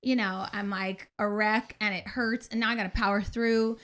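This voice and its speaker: A podcast co-host in her forties tells a story in casual chat, animated and acting out her own outbursts, swearing included. She speaks in a mid-range voice at a normal speed.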